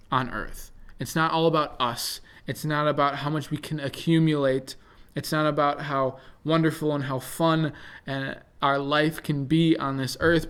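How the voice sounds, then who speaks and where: Young male presenter, casual scripture talk, relaxed and unpolished. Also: a little high. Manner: relaxed, thinks aloud with fillers. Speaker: bible study presenter. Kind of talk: casual bible reflection.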